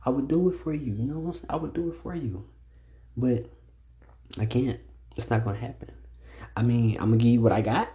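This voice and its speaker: A young man talks straight into his own podcast, alone and unscripted. His voice is dark and mellow, his delivery blunt and full of profanity, and he leans harder on his points as he goes. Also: mid-range voice, brisk, long pauses. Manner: blunt, profane, ranting with rising emphasis. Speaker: podcast host. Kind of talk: solo casual podcast monologue.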